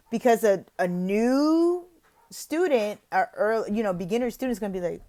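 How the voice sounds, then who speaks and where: A woman talks through tips for an online teaching interview in a chatty way, full of "like" and "you know." Her pitch swings widely. When she demonstrates, she slips into an exaggerated, gasping teacher voice with drawn-out questions. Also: animated, dark tone. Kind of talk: casual tutorial with demo teaching.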